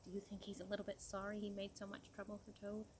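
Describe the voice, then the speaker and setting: A woman reading a picture book aloud to a child, gentle and expressive, pausing to ask questions. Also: medium pitch, slight background noise, poor audio.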